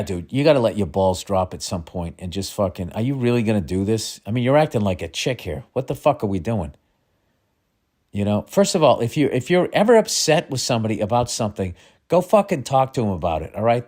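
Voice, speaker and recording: A man's voice: medium pitch, big pitch swings, brisk. A man hosting a comedy advice podcast, ranting with lots of swearing and exasperated outbursts that drop into mutters. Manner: swearing, exasperated, swings between loud and muttering. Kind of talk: profane comedic rant.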